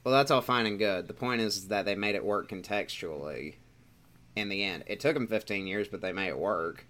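A man's voice: lowish voice, moderate pace, fairly bright tone. A man in casual chat, arguing his opinions firmly as a podcast co-host. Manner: opinionated, argumentative.

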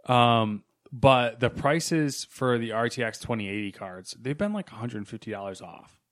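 A young man co-hosts a casual gaming podcast in an easygoing, chatty way. He hedges with fillers as he talks through hardware prices. His voice sits in a middle pitch. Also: expressive, normal speed. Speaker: podcast co-host. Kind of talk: casual gaming news chat.

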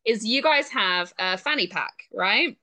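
A woman's voice: medium pitch, animated, a little slow, sharp tone. A woman with a British accent hosting a podcast interview, chatting casually and laughing often. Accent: British English. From Britain. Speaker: podcast host.

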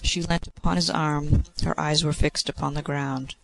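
A man narrates a classic story in a measured, expressive way. His voice sits a little high and carries a gravelly rasp. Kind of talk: reading a classic story aloud.

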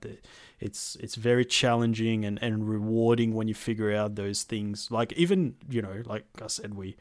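A young man chatting casually about a video game, relaxed and swearing freely, with plenty of ums. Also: fairly low pitch, no echo. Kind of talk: casual gaming chat.

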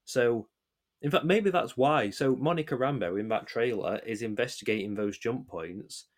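A man in casual podcast chat, his voice at an ordinary middle pitch. He talks in halting bursts, restarting sentences as he thinks aloud. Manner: hesitant, many restarts, rambling analysis. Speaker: podcast co-host.

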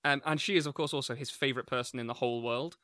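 Bright dry-voiced man recapping films. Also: medium pitch, steady tone, very fast, no echo. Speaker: podcast co-host. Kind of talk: plot recap for a film podcast.

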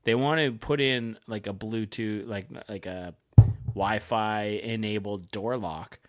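Co-host, low-pitched man, blunt, swears, casual reactive banter. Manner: blunt, profane, quick reactions. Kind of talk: casual chat.

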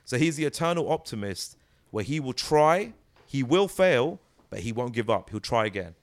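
A man, a guest chatting in an interview, telling animated stories with restarts and bursts of impressions. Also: medium pitch, moderate pace. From United Kingdom. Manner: animated storyteller, breaks into impressions, many restarts. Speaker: interview guest, comedic actor. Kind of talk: casual conversational interview.

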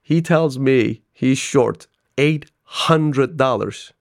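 A man speaks as a podcast guest, spinning stories and acting out both sides of a conversation with plenty of laughter. His voice sits at an ordinary middle pitch. The sound is dry and close, with no room echo. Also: drawn-out words, gravelly. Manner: animated storyteller, laughs often, acts out dialogue. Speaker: business owner guest. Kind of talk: podcast interview.

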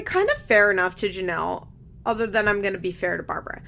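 Bright-voiced woman recapping casually. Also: mid-range voice, very animated, fast talker, creaky. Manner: candid, swears casually, laughs often. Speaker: reality TV recap vlogger. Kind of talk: casual chat.

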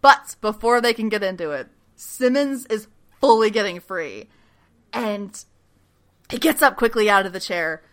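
In an unhurried, mid-range voice, a podcast host chats about a TV episode she watched. Her retelling is animated, with quotes acted out and plenty of laughter.

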